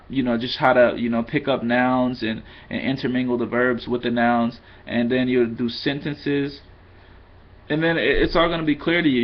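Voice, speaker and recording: A man's voice: medium pitch, lo-fi sound. A man giving a loose, rambling vlog lesson, mixing in Spanish phrases and poking fun at himself. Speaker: vlogger teaching Spanish.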